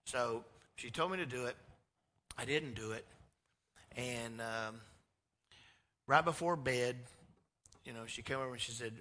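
Preacher, bright voice, echoing hall. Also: male voice, medium pitch, normal speed, pauses often. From Georgia, US. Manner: swings from loud to hushed. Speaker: pastor. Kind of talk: storytelling sermon. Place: church sanctuary.

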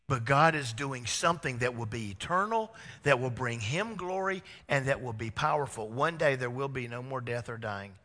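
A male pastor preaches a sermon in a church sanctuary, with an animated storytelling delivery that acts out dialogue. His voice is fairly high and forceful, and it swings from loud to hushed. Long reverb from the hall trails behind every phrase. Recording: echoey hall.

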